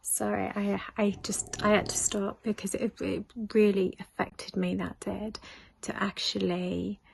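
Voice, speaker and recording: A middle-aged British woman recounting a painful personal story in a vlog, emotional and halting, often dropping to a near whisper. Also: medium pitch, level tone, vocal fry, breathy edge. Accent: British English. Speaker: vlogger.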